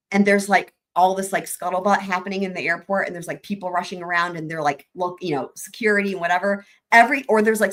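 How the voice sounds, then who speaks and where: A young woman talking casually on a livestream, mid-pitched for a woman. She tells a story with lively energy, laughs often and swears freely. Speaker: livestream host.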